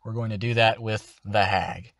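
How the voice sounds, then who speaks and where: A man hosting a tutorial, explaining how to do voices for a tabletop game in a slow, deliberate way. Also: on the low side, steady tone, creaky, a bit bright, no room sound, clean studio sound. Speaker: channel host teaching voice acting. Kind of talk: tutorial instruction.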